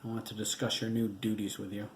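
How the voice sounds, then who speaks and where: A man's voice: lowish voice, little pitch movement, fast talker, echoey room, a little hiss or hum, close to an everyday voice. A man reading a curt, brooding boss. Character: brooding, aggravated grown son and boss.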